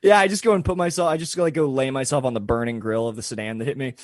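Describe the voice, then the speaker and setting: A young man co-hosting a podcast, telling a story in casual chat, animated, swearing and laughing often. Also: mid-range voice, fast talker, no echo, studio quality. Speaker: podcast co-host.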